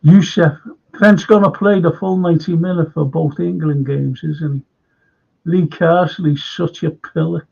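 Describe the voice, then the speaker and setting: A man's voice: fairly high pitch, steady tone, measured pace, gravelly, darkish tone, slightly rough. An older man with a Liverpool accent hosting a live fan stream, chatting casually, reading comments and rambling through anecdotes with restarts. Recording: dull lo-fi stream audio.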